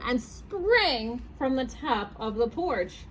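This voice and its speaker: Animated woman reading children's stories. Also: on the high side, slow pace, few pauses, slight background noise, poor audio. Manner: animated, asks young listeners questions. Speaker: children's librarian. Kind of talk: reading picture books aloud at a storytime.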